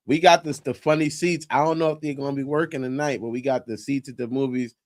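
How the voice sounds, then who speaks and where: A man's voice: medium pitch, steady tone, quick pace. A man in a casual podcast chat who talks in a laid-back, drowsy way and cracks jokes.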